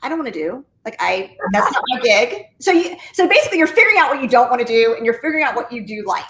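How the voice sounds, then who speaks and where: A high-pitched woman tells her story with enthusiastic, high-energy drive. She is a real estate agent and an interview guest, chatting casually. Her voice bounces around a roomy, echoing space. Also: very animated, quick pace, fairly bright tone. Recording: roomy echo.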